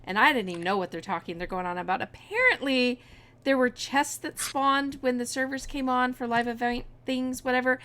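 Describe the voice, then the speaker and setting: A woman's voice: sits high, a little fast, a bit bright. A woman co-hosting a casual chat, talking freely and laughing easily.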